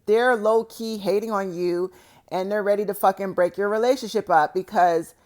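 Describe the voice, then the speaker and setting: A woman vlogger talking straight to her viewers like a big sister, frank and heavy with swearing, getting loud and heated when she stresses a warning. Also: medium pitch. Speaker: vlogger and support group organizer. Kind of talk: blunt advice talk to viewers.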